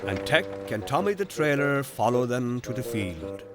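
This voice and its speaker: Male storybook narrator, gentle steady delivery, music playing clearly behind. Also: mid-range voice, normal speed.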